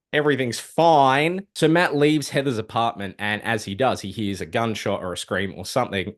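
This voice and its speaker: A man casually recapping a dark comic book story, swearing freely and throwing in sarcastic asides. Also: lowish voice. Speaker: comic book video host.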